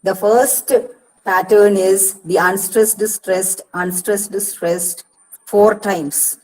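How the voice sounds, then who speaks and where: Teaching poetry in an online counselling lecture, this woman speaks Indian English at a deliberately slow pace, walking through it step by step with frequent "see"s and repetition. Her voice is mid-range and darkish, with fairly even intonation, and the audio quality is poor.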